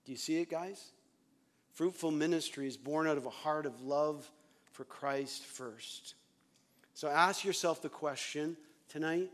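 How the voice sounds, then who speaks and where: A pastor with a voice on the high side preaches an earnest, confessional sermon to other pastors, unhurried in pace. He moves between hushed moments and loud ones.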